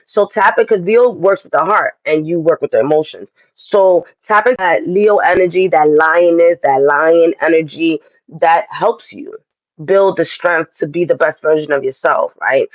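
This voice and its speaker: A man's voice: a little high, moderate pace, no echo, lo-fi sound. A man giving a casual astrology and tarot reading, talking straight to his viewers in a chatty, direct way.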